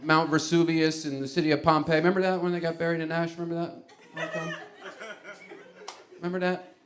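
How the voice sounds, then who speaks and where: Guy doing stand-up, a bit high-voiced, rambling storyteller, lots of restarts and side comments. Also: level tone, fairly quick, noisy background. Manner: wry, conversational asides to the audience. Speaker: stand-up comedian. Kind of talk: stand-up comedy set.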